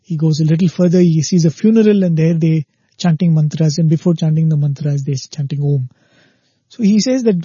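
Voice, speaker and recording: Husky dark-voiced man telling a parable. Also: a little high, no room sound. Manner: unhurried, tells a parable acting out quoted lines. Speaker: spiritual speaker. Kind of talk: spiritual discourse with storytelling. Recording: dull lo-fi dry recording.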